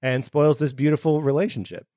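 A man co-hosting a casual chat, playful and animated, who also reads a book aloud. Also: a little high, fairly quick, no echo, clean studio sound. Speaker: podcast co-host.

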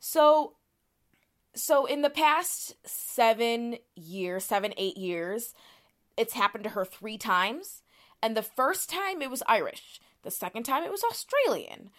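A woman's voice: fairly high pitch, sing-song, slow, fairly bright tone. A woman talks through a topic for a podcast in an easygoing, conversational way. She leans on fillers and often restarts her sentences as she explains. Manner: chatty, many "like" fillers and restarts. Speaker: podcast co-host presenting research.

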